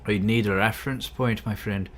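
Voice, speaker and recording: A man's voice: fairly low pitch, fairly even intonation, moderate pace. A man chatting casually on a gaming livestream, rambling and easily distracted. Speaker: streamer.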